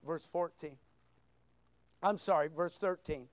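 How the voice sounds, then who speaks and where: Older male preacher, loud to hushed. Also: on the high side, takes it slowly, dry recording. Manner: swings from loud shouting to near-whispers; repeats words for emphasis. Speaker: pastor. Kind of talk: sermon.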